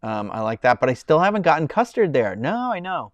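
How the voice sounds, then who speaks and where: A young man hosting a casual live stream, rambling and chatting with viewers in a loose way, full of fillers and quick laughs. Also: a little high, big pitch swings, no room sound. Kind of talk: casual chat reading viewer comments.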